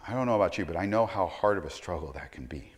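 A male pastor preaching a sermon, swinging between loud emphatic stretches and quiet low asides, often repeating words as he starts a sentence. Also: animated, fast talker, breathy edge, big-room sound.

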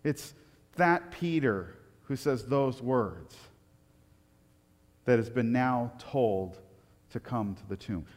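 Animated preaching man in a reverberant hall. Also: medium pitch, slow, pauses often. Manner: animated storytelling, rising loud for anecdotes, dropping soft for reflection. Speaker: pastor. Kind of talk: sermon.

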